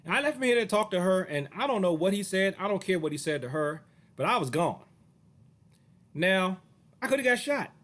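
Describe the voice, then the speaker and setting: A man's voice: high voice, lively intonation, fairly quick, a bit bright. A martial arts teacher telling a personal story to camera in a casual way, acting out the other people's voices as he goes.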